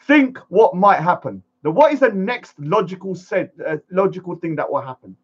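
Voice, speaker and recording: A man's voice: high voice, sing-song, moderate pace, hardly any pauses, breathy edge, dull audio. A man ranting defiantly to camera, acting out pleading voices as he goes. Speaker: vlogger.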